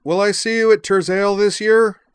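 Eager friend shouting from afar, read by a man, much higher and louder. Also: fairly even intonation, normal speed, smooth, no room sound, lightly acted. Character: friendly student yelling across a lawn.

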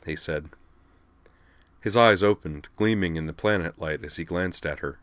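A man reading a story aloud as an audiobook narrator, in a steady, even storytelling manner. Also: sits low, normal speed, dry recording. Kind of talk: scripted narration.

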